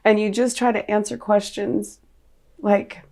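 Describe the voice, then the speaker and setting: Gravelly-voiced middle-aged woman recounting loss. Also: medium pitch, flat delivery, a little slow, dark tone. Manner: raw, earnest recounting of a painful memory. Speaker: podcast guest. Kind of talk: personal storytelling in an interview.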